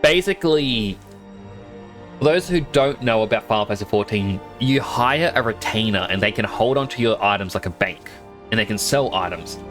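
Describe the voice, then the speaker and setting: A young man telling a long gaming anecdote on a stream, slipping into quick voices for the other players he quotes. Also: fairly low pitch, fairly bright tone. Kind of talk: casual storytelling while gaming.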